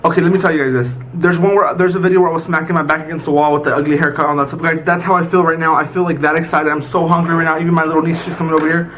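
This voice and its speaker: A high-pitched man talks to his viewers between bites, gushing and exaggerating how good the food is. The recording is noisy, with a clear hiss running underneath. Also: little pitch movement, rapid-fire, few pauses, a bit bright. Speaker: mukbang eater. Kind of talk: excited mukbang eating chat.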